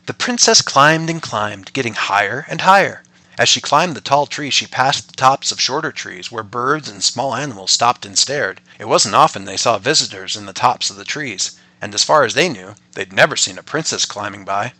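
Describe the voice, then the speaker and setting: A man reading a bedtime story aloud, gentle and playful, as a father and podcast storyteller. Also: medium pitch, lively intonation, moderate pace, no echo.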